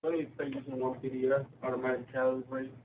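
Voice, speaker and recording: Flat-voiced man, far off, noisy line. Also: medium pitch, fast talker. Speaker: audience member. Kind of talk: asking questions at a meeting. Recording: distant, phone-like, loud noise.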